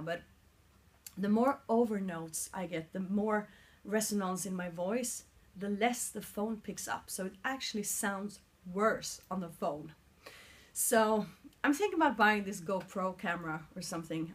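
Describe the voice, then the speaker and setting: A Swedish woman in her forties with a mid-range voice and a Swedish accent talks about her singing progress in a casual vlog shot on a mobile phone. A singer documenting her vocal training, she's earnest and sometimes searches for words.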